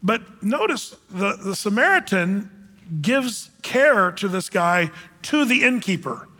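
Male pastor, sermon, animated, quizzes the congregation; high bright voice, long hall reverb. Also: takes it slowly. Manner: animated, asks the congregation questions.

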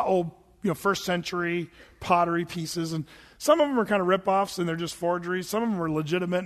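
A man preaching a sermon in a chatty, folksy storytelling manner, often laughing, recorded in a large hall. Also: high voice. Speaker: pastor. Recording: long hall reverb.

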